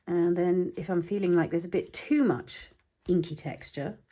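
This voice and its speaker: A woman hosting a craft tutorial, chatting casually and thinking aloud as she works, even talking to her supplies. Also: fairly low pitch, normal speed, husky, dull audio. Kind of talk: casual demonstration while crafting.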